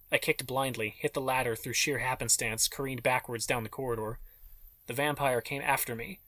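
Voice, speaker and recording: A man's voice: medium pitch, a bit bright, dry recording. A man reading an audiobook in scripted, dramatic narration.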